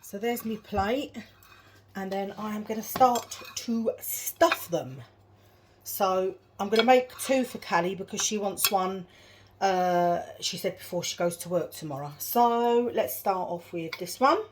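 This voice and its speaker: A woman speaking a little slowly in a mid-range voice walks viewers through her home cooking, casual and self-amused. The kitchen noise of clattering dishes and cutlery runs underneath.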